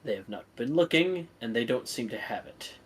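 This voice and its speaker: A man voicing a scheming male villain who reports to his master in a low, hushed, groveling tone. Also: expressive, moderate pace, a little hiss or hum, natural voice, low-quality recording.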